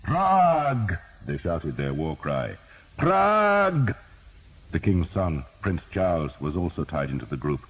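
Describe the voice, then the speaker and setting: A man narrating a historical battle audiobook in steady, measured storytelling. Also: a bass voice, husky, poor audio.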